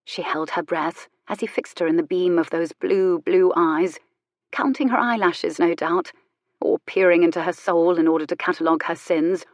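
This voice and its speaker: A woman narrating a historical romance audiobook in a measured, expressive way. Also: on the low side, no room sound, studio quality. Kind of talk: scripted narration.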